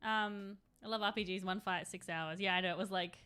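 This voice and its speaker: A woman's voice: mid-range voice, steady tone, fairly quick, pushed and bright, smooth, faint music behind. A young adult woman chatting casually on a live stream while she paints, rambling and laughing often.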